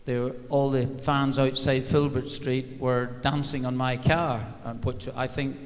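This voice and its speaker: A man's voice: mid-range voice, flat delivery, unhurried. Wry older man telling stories in an echoing hall. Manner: wry, self-mocking storyteller, many "uh" and "um". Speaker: former football manager, guest speaker. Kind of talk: anecdote told on stage. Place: large arena at a live event. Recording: long reverb of a large hall.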